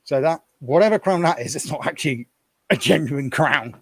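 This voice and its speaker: A man's voice: fairly high pitch, lively intonation, normal speed, breathy edge, no room sound. A man chatting casually on a live stream, rambling and thinking aloud as he sorts through things at home.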